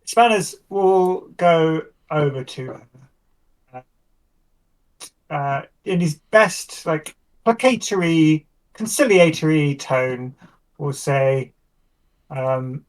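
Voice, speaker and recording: A woman's voice: sits low, animated, very slow, pauses often, a little mellow, far from the mic, rough recording. A woman player describing her character's actions in a tabletop game.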